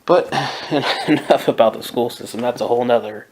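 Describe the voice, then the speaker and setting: A man's voice: mid-range voice, moderate pace, noisy background. Opinionated man in his twenties, chuckling. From Southern California. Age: 20s. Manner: opinionated, chuckles often, mimics people in quotes. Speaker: podcast host. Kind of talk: casual monologue.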